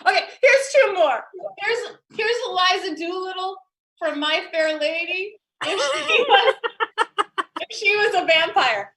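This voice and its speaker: A woman's voice: very high-pitched, expressive, a little slow, bright, forceful tone. A woman comedian doing a giggly, self-deprecating stand-up set over a video call.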